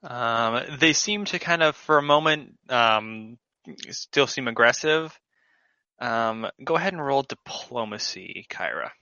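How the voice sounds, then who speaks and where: A man's voice: mid-range voice, lively intonation, slow pace, bright, forceful tone, no echo. A man narrating a tabletop game online as game master, loose and full of fillers, over dull lo-fi call audio.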